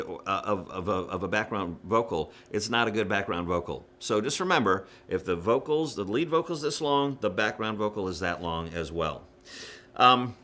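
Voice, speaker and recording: A worship music director coaches church singers in a frank, casual way, using lots of fillers and small demonstrations. His voice sits on the low side, with a bright, forceful tone.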